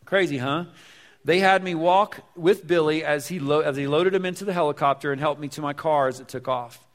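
A male pastor with a fairly high voice preaches in a casual, conversational way, stumbling over and repeating words and turning to the congregation with questions. His voice rings out with a long reverb, as in a church sanctuary. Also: a little fast. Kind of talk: sermon.

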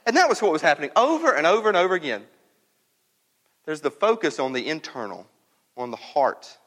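A man preaching to his congregation, talking through a passage verse by verse. He speaks in a fairly high voice, casual but emphatic, and leans on key words. A long hall reverb trails behind him. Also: big pitch swings, a little fast, a bit bright. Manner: conversational, emphatic, repeats words for stress. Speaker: pastor. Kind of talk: sermon. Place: church.

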